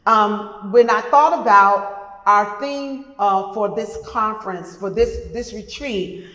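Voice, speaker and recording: Speaking slowly in a medium-pitched, somewhat bright voice, a middle-aged podcast host introduces a live panel at a retreat event room before an audience. She heaps repeated, effusive praise on her guests, with long reverb from the roomy hall.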